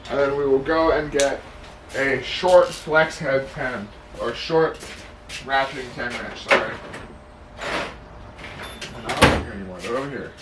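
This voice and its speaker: A man's voice: mid-range voice, measured pace, long pauses, noisy background. A man working on a car, explaining the repair step by step in a casual, self-deprecating way and muttering to himself as he works. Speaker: mechanic demonstrating a repair. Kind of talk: casual how-to narration while working. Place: garage workshop. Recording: roomy garage, mic far off, clanking tools.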